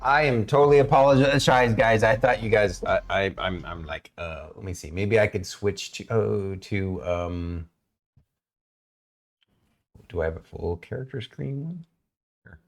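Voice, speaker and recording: A man with a slightly low voice runs a tabletop game on a live stream. He chats casually, restarting his sentences and laughing often. Faint music plays behind him. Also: a little slow, gravelly. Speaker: game master.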